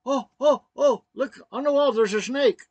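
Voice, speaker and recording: Brief: frightened, confused hospital patient, a wife, insistent and pleading, a man putting her on, higher voice. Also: brisk, fairly bright tone, no room sound. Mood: frightened, fretful.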